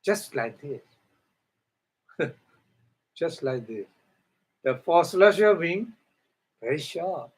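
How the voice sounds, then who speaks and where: A man teaching a dharma lecture in halting English, explaining Pali terms word by word and often asking "huh?". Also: a little high, expressive, slightly rough. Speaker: Buddhist meditation teacher.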